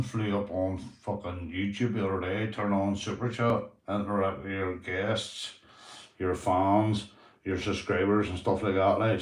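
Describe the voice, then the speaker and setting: A man with a Northern Irish accent chatting casually on a livestream, swearing freely and calling everyone mate. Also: lowish voice. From Northern Ireland. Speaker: YouTube livestreamer. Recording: roomy echoey room sound.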